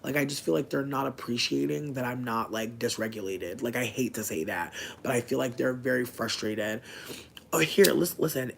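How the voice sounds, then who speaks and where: A man speaks straight to his viewers in a loose, candid monologue, frank and full of "like" and swearing. His voice sits at an ordinary middle pitch. A faint rumble runs under the recording. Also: creaky. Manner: chatty, frank, swears a lot, many "like" fillers. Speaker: vlogger. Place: indoors at home.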